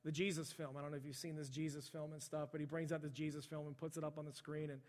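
A man's voice: fairly high pitch, level tone, fast, long reverb tail. A man preaching a sermon, talking conversationally and slipping into the voices of the people in his stories. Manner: conversational, relives stories by voicing the people in them. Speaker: pastor. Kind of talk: sermon storytelling.

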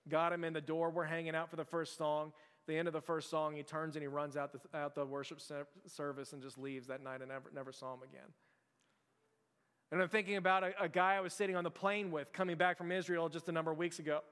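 A man's voice: a little high, steady tone, fast, fairly bright tone, clean tone, in a large hall. A man preaching to his church in a casual, chatty sermon, full of "like" and restarts. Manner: chatty, heavy use of "like" and restarts. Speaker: pastor. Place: church sanctuary.

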